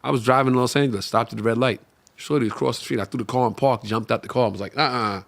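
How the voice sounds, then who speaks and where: A man's voice: medium pitch, racing, gravelly. A man co-hosting a live stream show, telling stories in casual chat and acting out what people said. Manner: animated storyteller, acts out quotes. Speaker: podcast co-host. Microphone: live stream mic.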